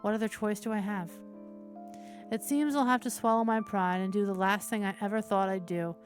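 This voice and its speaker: Over soft background music, a woman hosting a stream reads a visual novel aloud, speaking a little fast in a mid-range voice. She narrates steadily but slips in casual, profane asides between passages.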